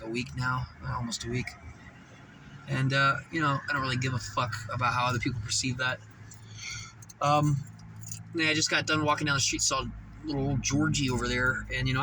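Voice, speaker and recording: A man's voice: medium pitch, bright, forceful tone, distant mic, a little hiss or hum, poor audio. Rambling, profane young-sounding man confessing. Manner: rambling, profane, emphatic, with restarts and laughter. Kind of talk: casual confessional monologue.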